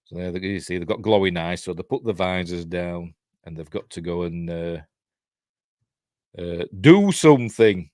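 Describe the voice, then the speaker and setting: A man's voice: low voice, normal speed, a little mellow, dry recording, studio quality. An older man with a Yorkshire accent giving a casual, rambling watch-along review, chuckling often. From Yorkshire, England. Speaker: reviewer and channel host.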